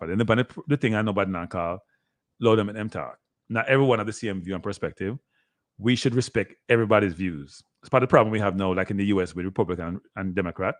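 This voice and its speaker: A man's voice: lowish voice, no echo. A middle-aged man with a Jamaican accent, hosting a live sports show in a chatty, repetitive way and talking straight to his viewers. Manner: chatty, repeats himself, talks straight to viewers. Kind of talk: casual live-stream commentary.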